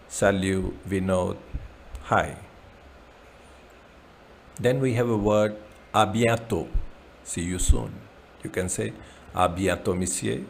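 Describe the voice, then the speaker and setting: A man gives a beginner lesson, talking very slowly in a lowish, gravelly voice. He goes over each word patiently, one at a time, and a faint hiss sits under the recording. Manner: slow, repeats words with translations. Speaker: French teacher. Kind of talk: slow beginner language lesson.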